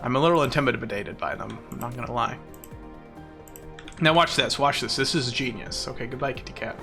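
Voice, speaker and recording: A man's voice: mid-range voice, fairly quick, vocal fry, bright, forceful tone, faint music behind. A man streaming a game live, chatting playfully with mock-boastful bragging and frequent laughter. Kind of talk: casual live-stream commentary while playing.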